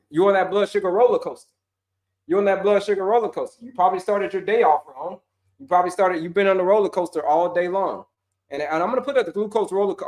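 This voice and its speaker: A high-voiced man hosts a live wellness stream, answering questions from the chat. He talks in an energetic, slangy way, says his points over and over and acts out voices. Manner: animated, slangy, repeats himself, acts out viewers' voices. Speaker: wellness coach hosting a livestream.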